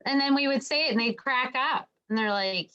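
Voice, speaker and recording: A woman's voice: sits high, fairly quick, sharp tone, dull audio. A woman from Canada with a Canadian accent, a guest chatting casually and telling cheerful stories. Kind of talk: casual chat.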